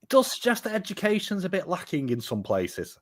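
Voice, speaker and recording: A man's voice: sits high, huge pitch swings, fairly quick. Wry man. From United Kingdom. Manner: wry, joking, rambling. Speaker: guest. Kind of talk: casual chat.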